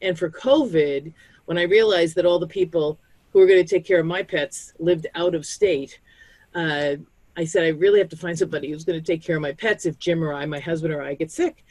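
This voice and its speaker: A woman's voice: fairly low pitch, a little fast, a little mellow, no room sound. A woman on a community call, giving chatty advice on pet care and acting out the voices of people she quotes. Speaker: pet disaster-planning speaker.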